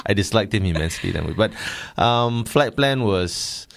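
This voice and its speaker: Deep-voiced joking man. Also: expressive, brisk, creaky. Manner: wry, joking, short reactions. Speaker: film review co-host. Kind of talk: casual chat.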